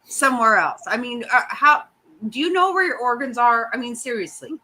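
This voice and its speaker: A woman's voice: a little high, expressive, normal speed, pushed and bright, slight background noise, low-quality recording. A middle-aged woman hosting a casual chat, ranting bluntly and swearing often. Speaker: host.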